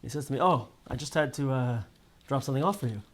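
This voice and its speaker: A man teaching a casual Torah class to a small group. He tells stories with lively ups and downs, restarts often and keeps asking "right?". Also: mid-range voice, quick pace. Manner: lively storyteller, many restarts and "right?" tags.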